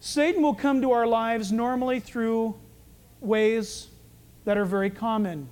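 A man's voice: very high-pitched, a little slow, clear, resonant tone. A man preaching a sermon as pastor, telling stories and acting out the dialogue. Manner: animated storytelling, acting out dialogue.

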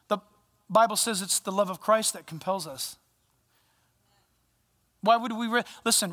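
Guy pastor preaching, playful and lively, real high voice, big reverb from the hall. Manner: animated, playful, shifts between loud and hushed. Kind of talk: sermon. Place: church sanctuary.

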